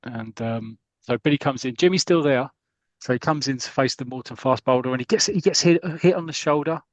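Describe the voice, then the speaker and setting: A man's voice: mid-range voice, brisk, dry recording. A man casually retelling a comic story, laughing often and acting out quotes. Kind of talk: casual chat, retelling with put-on voices.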